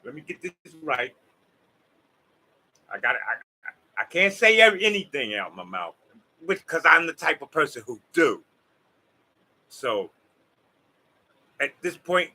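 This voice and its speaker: Southern US male vlogger, high and tense, preachy and emphatic, talks to camera. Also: lively intonation, unhurried, pauses often, pushed and bright, rough recording. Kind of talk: rambling motivational monologue to viewers.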